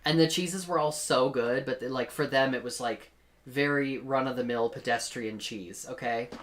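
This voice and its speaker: Low-voiced chatty woman podcaster. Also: moderate pace. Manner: chatty, laughing storyteller. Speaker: podcast co-host. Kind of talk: casual chat.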